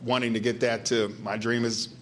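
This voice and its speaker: A man's voice: mid-range voice, flat delivery, moderate pace, fairly bright tone. A man hosting a business luncheon, giving chatty welcoming remarks and repeating words for emphasis. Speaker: business engagement manager, event host. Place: meeting room at a luncheon.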